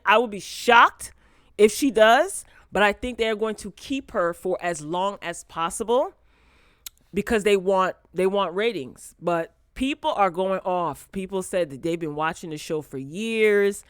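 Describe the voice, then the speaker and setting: Woman, vlog host, mid-pitched, animated and sassy, chats right to viewers on a dry close mic. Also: a little slow, no room sound. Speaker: host of a pop culture talk show. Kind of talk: casual commentary vlog. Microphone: close desk mic.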